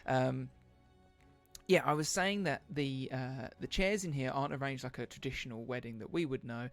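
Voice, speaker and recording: A man's voice: medium pitch, normal speed, soft background music. A man narrating a tabletop game livestream as game master, hesitant and self-deprecating, with lots of fillers.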